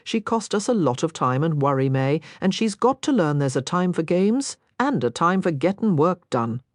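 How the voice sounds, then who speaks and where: A woman's voice: on the low side, big pitch swings, normal speed, dry recording, studio quality. A woman voicing a grave middle-aged father who lectures sternly. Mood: firm.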